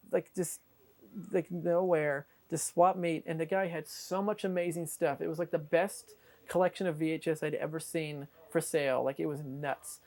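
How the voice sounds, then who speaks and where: A woman telling a long, rambling anecdote in an interview, full of "like" and acted-out quotes. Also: sits low. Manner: rambling, lots of "like", animated quoting. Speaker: interviewee, tape collector. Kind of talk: excited anecdotal storytelling.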